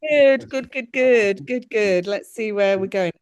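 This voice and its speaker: A woman working as a medium, giving a lively reading over a video call, laughing often and calling people "my darling". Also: mid-range voice, unhurried, clear, resonant tone. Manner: animated, laughs often, relays spirit messages with warm endearments.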